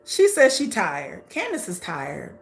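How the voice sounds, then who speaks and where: A woman's voice: mid-range voice, huge pitch swings, slow pace, creaky. A woman hosting a casual live reaction, commenting sassily on a show and laughing as she talks back at the screen. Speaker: reaction host.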